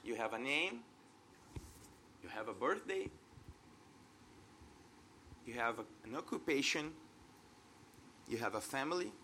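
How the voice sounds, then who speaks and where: A man's voice: mid-range voice, big pitch swings, measured pace, pauses often, bright, forceful tone, a little hiss or hum. A man in his thirties from Brazil with a Brazilian Portuguese accent, preaching an earnest, conversational sermon and laughing at himself now and then. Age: 30s.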